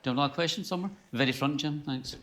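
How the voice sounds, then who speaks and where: A man's voice: fairly high pitch, very fast, a bit bright. A man chairing a live book festival question session, calling on the audience and telling anecdotes in a conversational way. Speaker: event chair.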